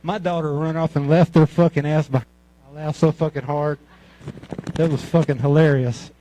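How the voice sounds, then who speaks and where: A man's voice: a little high, fairly even intonation, moderate pace, dark tone, a little hiss or hum, rough recording. A man in his sixties from Mississippi with a Southern accent, telling crude, profane, rambling stand-up stories. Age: 60s. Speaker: amateur comic at a talent show. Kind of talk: stand-up storytelling.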